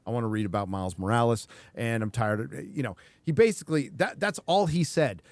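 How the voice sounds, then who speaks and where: A man's voice: mid-range voice, a little fast, dry recording. Emphatic, rambling stream host man. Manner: emphatic, profane, rambling asides. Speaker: show host. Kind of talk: casual livestream talk.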